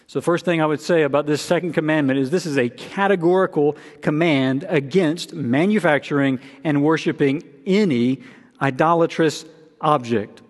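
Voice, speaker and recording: A man preaching a sermon as a pastor, earnest and steady, repeating key phrases for emphasis. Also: fairly high pitch, moderate pace. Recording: long reverb of a large room.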